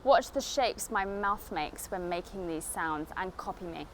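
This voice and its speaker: A woman with a South East England estuary London accent, giving a spoken English lesson to camera in a clear, deliberate teaching manner. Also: on the low side, lively intonation, slight background noise. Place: outdoors in a city.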